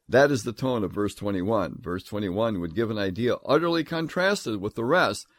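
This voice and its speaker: A man giving a scripture lecture, emphatic, reading verses aloud in a measured, solemn tone. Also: mid-range voice, expressive, no echo. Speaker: Bible teacher.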